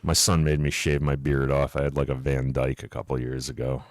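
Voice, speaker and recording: Co-host, male, very low voice, dry understated delivery, dead close sound. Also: level tone, a little fast, no room sound. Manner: laid-back, dry understated remarks. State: cold. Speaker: podcast co-host. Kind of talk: casual chat.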